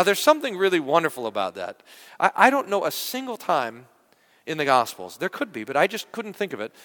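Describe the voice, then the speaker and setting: A male pastor delivers a sermon in a church, his mid-range voice filling a large hall. He talks in an animated, conversational style, frequently restarting and repeating words.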